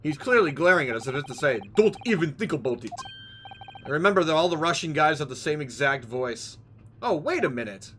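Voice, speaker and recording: A man's voice: fairly high pitch, very animated, fast talker, fairly bright tone, a little hiss or hum. A young man streaming a video game, rambling and joking playfully as he plays. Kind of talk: casual let's-play commentary.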